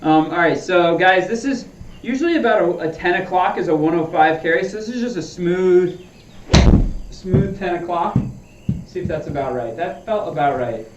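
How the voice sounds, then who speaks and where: With a high-pitched, expressive voice and a fairly quick delivery, this man practices golf while chatting to his stream and coaching himself through swings. The audio is lo-fi, dull, distant and roomy, with background noise.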